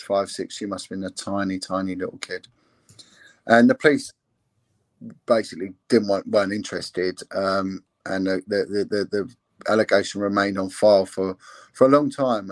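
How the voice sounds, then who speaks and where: A man's voice: fairly low pitch, steady tone, normal speed, dry recording. A man, a former police investigator, talking earnestly in an interview with many restarts and fillers. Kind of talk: candid interview talk.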